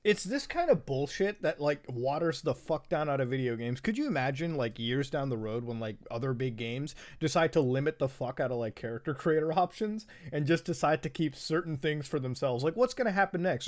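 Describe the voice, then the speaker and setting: A man with a fairly high voice hosts an online commentary. He rants with heat and plenty of swearing, mixing sarcasm into chatty asides aimed right at his viewers. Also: a little mellow. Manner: profane, heated and sarcastic; chatty, addresses viewers directly. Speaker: host.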